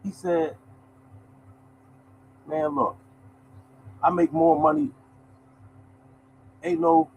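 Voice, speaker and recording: A man hosts his own lottery podcast in a loose, preachy monologue. He hammers points home by repeating them and keeps addressing listeners as y'all. His voice sits a little high. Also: fairly even intonation, very slow, long pauses, darkish tone, slight background noise, low-quality recording. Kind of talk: casual motivational monologue.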